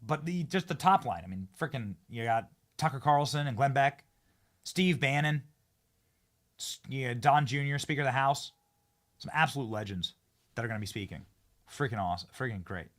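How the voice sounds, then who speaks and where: Excitable man hosting a live show. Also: medium pitch, normal speed. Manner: excitable, repeats and restarts phrases, hypes guests. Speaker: political talk show host. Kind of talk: live-streamed casual chat. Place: show studio.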